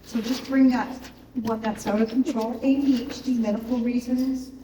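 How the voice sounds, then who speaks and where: A woman's voice: fairly high pitch, steady tone, normal speed. A woman volunteer sharing practical advice in a group session, chatty with fillers. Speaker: snack volunteer. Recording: distant in an echoey, noisy hall.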